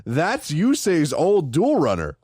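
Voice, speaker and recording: A young man co-hosting a casual podcast, excitable and swearing, jumping up in pitch when worked up. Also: takes it slowly, slightly rough, no room sound. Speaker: podcast co-host. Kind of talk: casual chat.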